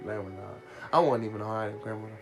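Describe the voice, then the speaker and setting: A man hosting a live radio show, telling stories in a profane, animated way and laughing as he goes. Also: lowish voice, rapid-fire, gravelly, music in the background. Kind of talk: casual storytelling rant.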